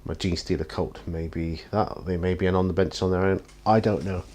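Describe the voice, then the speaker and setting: A tired man with a notably deep, low voice talks casually from his home hobby studio while he paints. He rambles in a self-deprecating way and keeps yawning. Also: fairly even intonation, normal speed, a little mellow.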